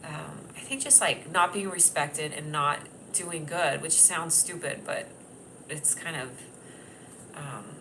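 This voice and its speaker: A woman comedian hosting her own livestream, chatting loosely and giggling, often talking loudly and at times yelling. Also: sits low, noisy background. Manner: giggly and scattered. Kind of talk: rambling casual livestream chat. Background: piano playing.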